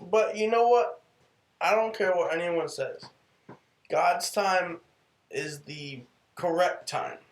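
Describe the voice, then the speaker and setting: A man's voice: sits high, takes it slowly. A man co-hosting a casual faith podcast, agreeing and reflecting on what he heard. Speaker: podcast co-host. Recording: roomy room echo.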